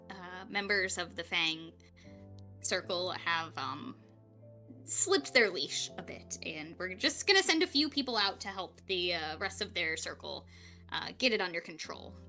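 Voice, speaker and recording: A woman voicing a fussy old male gnome host who stammers and hedges, then forces cheer. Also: mid-range voice. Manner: hesitant, flustered, bursts into loud forced cheer.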